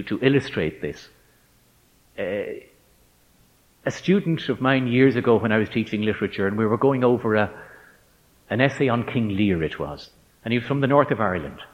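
A man giving a reflective faith talk to ministers, measured and emphatic, stretching out key words as he tells an anecdote. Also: medium pitch. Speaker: speaker addressing ministers. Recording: dull lo-fi recording in a reverberant hall.

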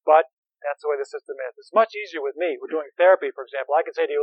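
A man's voice: a little high, rapid-fire, no echo, lo-fi sound. A man who is a priest and therapist, lecturing seminarians in a conversational, anecdotal way with wry humor.

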